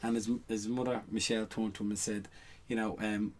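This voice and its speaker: A man's voice: lowish voice, flat delivery, brisk, darkish tone. A middle-aged man, a guest on a casual podcast, telling rambling anecdotes full of "you know what I mean" asides. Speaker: guest, stage performer.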